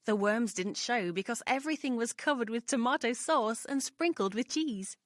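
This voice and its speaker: A woman's voice: a little high, normal speed, no room sound. Woman narrating a storybook, dry studio. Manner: expressive, clear reading aloud.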